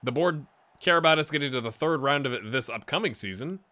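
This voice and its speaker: Bright-voiced man chatting over a game. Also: fairly high pitch, animated, quick pace. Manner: chatty, rambling, talks to the viewers. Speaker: gaming channel host. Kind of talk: casual let's-play commentary.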